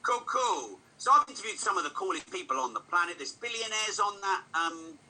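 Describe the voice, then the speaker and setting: A middle-aged British man giving a live online talk, fast-talking and excitable, poking fun at himself. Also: sits high, a little hiss or hum, rough recording. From United Kingdom. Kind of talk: energetic motivational talk.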